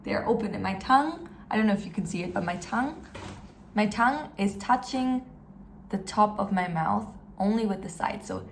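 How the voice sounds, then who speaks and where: A woman's voice: mid-range voice, expressive, gravelly, a little hiss or hum. Brief: encouraging woman language teacher, recorded a little off-mic in a roomy space. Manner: upbeat, encouraging, demonstrates sounds slowly. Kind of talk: step-by-step pronunciation lesson. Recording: echoey room, slightly distant mic, faint ambience.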